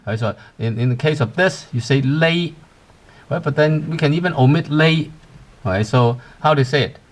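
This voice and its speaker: Man teaching a lesson. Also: a little high. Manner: explains step by step, many "uh" and "right?" checks; slows to spell out Cantonese words. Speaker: Cantonese teacher. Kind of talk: language lesson.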